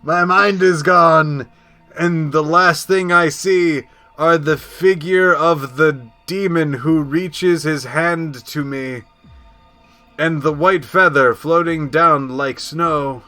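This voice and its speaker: Man playing a scared lonely orphan girl, bright tone, slow halting read. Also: a little high, fairly even intonation, soft background music. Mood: despairing. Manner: halting, restarts on words while reading. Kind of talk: reading a story game aloud in character.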